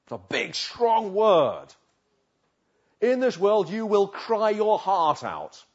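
A man preaching a sermon, swinging from loud urging to hushed, slow pleading. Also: high-pitched, very animated. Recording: dull lo-fi recording.

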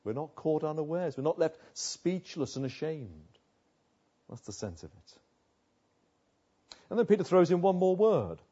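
A man's voice: a little high, lively intonation, unhurried, pauses often, mellow, breathy edge, highs cut off. An older man preaching a sermon as pastor, earnest, often asking rhetorical tag questions.

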